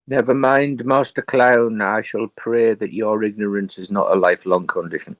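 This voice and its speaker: A man's voice: on the low side, fairly even intonation, moderate pace, dry recording. A man taking part as a player in a tabletop game, speaking in a playful mock-formal way.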